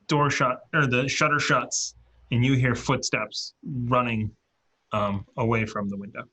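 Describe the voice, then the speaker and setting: Male dungeon master, bright tone, halting narration. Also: mid-range voice, level tone, slightly rough. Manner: halting, filler-heavy narration. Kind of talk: narrating a tabletop game.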